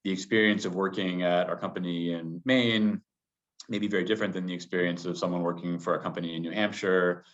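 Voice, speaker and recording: Deep-voiced man, measured and hedging. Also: steady tone. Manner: measured, hedging with many qualifiers. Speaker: business partner interviewed as guest. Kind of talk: interview answers. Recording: dull lo-fi sound.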